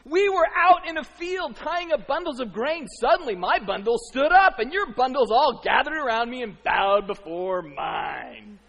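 A man's voice: extremely high pitch, sing-song, normal speed, creaky, hardly any pauses, fairly bright tone, big-room sound, full character voice. A man voicing a boastful young man eagerly telling his dreams.

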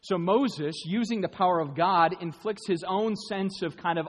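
A man preaching a sermon, animated and rising to loud, emphatic bursts. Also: on the high side, normal speed, slightly rough. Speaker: pastor. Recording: long hall reverb.

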